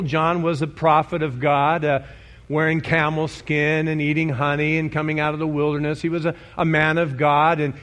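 A man's voice: on the high side, a bit bright. A male pastor preaching a sermon, emphatic and conversational, often asking his congregation questions.

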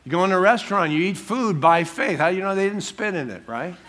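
A man's voice: sits high, expressive, fast, a bit bright. A man preaching a sermon in church, talking in a humorous, conversational way with everyday stories. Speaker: pastor.

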